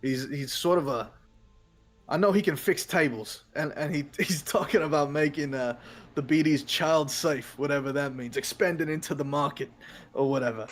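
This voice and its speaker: A man playing a rough masked fixer. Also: a little high, lightly acted. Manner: loose, swearing, halting with fillers. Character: wary male fixer in a mask, a bit rough.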